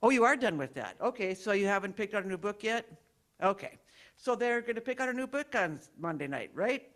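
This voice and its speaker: A woman's voice: mid-range voice, lively intonation, brisk, a bit bright. A woman giving friendly, rambling church announcements as board president, often stopping to correct herself.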